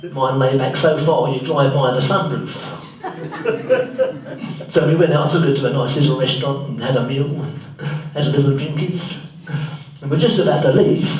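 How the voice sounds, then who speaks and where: A man's voice: on the high side, darkish tone, close to an everyday voice. Man doing a bumbling, naive Frank Spencer. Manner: naive, earnest, rambling storytelling full of mishaps. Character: bumbling, well-meaning, accident-prone grown man. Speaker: stand-up tribute performer. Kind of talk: live comic monologue in character. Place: theatre stage. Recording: very echoey live room, mic far off.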